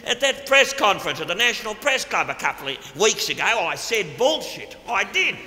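A man's voice: sits high, big pitch swings, fairly quick, pushed and bright, reverberant, long reverb tail, heavily acted. A man playing a crude, boozy middle-aged Australian official in a live stand-up monologue, with a brash, gleeful drawl and an Australian accent. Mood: boorish. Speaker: stage comedian in character. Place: stage before a live audience. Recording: live theater recording with audience.

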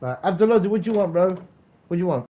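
A man with a high voice talks fast while livestreaming a game, chatting casually and excitably and calling out viewers by name as a gaming streamer.

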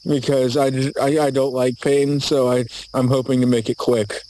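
A man at an ordinary middle pitch rambles out a string of apologies, stammering and cursing under his breath. He talks into a handheld camera outdoors in a forest at night, with crickets chirping faintly behind him. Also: flat delivery, moderate pace, warm tone, a little hiss or hum, poor audio. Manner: nervous rambling, stammers and swears as he lists apologies. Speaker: video creator. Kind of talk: mock apology monologue in a horror comedy short. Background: faint crickets and insects.

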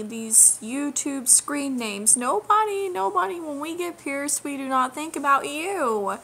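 A woman's voice: sits high, animated, a little slow, few pauses, sharp tone, slight background noise. A young woman ranting straight to camera in a vlog, indignant and emphatic, lecturing and repeating her key phrases. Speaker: vlogger. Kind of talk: direct-to-camera rant.

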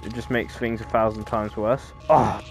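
Man, lowish voice, casual gameplay commentary, jumpy and joking, game music underneath. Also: flat delivery, normal speed. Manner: jokey, easily startled, chatty. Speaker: gaming YouTuber. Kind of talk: casual let's-play commentary.

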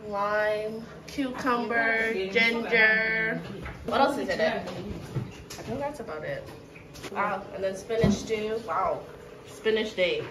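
A woman's voice: fairly high pitch, slow, over a noisy crowd. A woman vlogging chattily and cheerfully while out and about, with music playing underneath. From Ghana. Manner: bubbly, chatty. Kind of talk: casual vlog. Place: out and about at a market, home and zoo. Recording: background music over the vlog.

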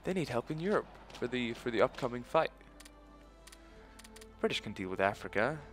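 A man's voice: mid-range voice, sing-song, moderate pace, soft background music. A man giving casual let's-play commentary, thinking aloud in a loose, profane way. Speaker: gaming video host.

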